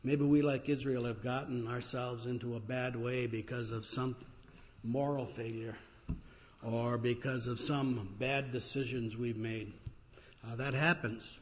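A man preaching a sermon as a pastor, telling stories in an unhurried, reflective way with pauses and fillers. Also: medium pitch, steady tone. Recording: dull lo-fi recording.

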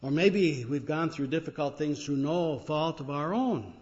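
A man with a fairly high voice preaches a sermon as a pastor. He talks in an unhurried, reflective way, pausing often and using fillers, on a dull, lo-fi recording. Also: expressive, a little mellow.

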